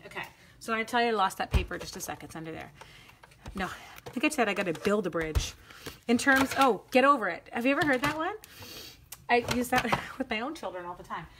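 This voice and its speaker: Fast and animated in a mid-range voice, a middle-aged woman chats with viewers during a live card-making demo, playfully teasing herself. She breaks into little la-la runs between steps over a noisy background.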